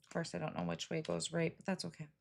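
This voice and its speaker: A chatty middle-aged woman hosts a casual live card-making demo, greeting viewers by name and laughing at her own slips. She talks fast in a low, sing-song voice with vocal fry, and there's background noise.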